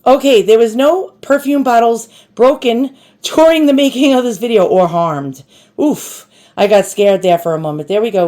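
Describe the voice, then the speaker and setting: A woman's voice: medium pitch, darkish tone. A woman with a New York accent hosting a casual show-and-tell vlog, chatty and self-deprecating, addressing her viewers directly. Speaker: antiques collector and channel host.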